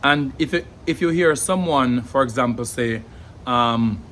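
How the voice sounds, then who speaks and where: A Jamaican man giving an earnest spoken explanation, pausing often to search for words and sounding out examples. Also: mid-range voice, fairly bright tone, a little hiss or hum. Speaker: language educator. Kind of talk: explanatory monologue.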